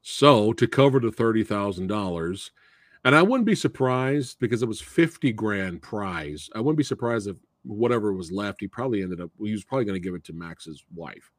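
A man hosting a casual movie discussion, retelling scenes in an animated way and acting out the characters' lines. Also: lowish voice, moderate pace, no echo. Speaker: podcast host.

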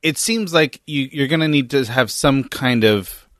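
A man co-hosting a podcast, offering thoughtful points in a measured, casual way. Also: medium pitch, fairly bright tone, no echo, studio quality. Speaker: podcast co-host. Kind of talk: casual discussion.

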